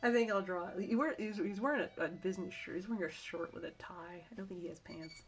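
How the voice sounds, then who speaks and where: A woman's voice: lowish voice, fast talker, slightly rough. A middle-aged woman chatting casually to camera in a vlog, rambling and self-correcting as she shares work-from-home tips. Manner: rambling, chatty, with many restarts and asides.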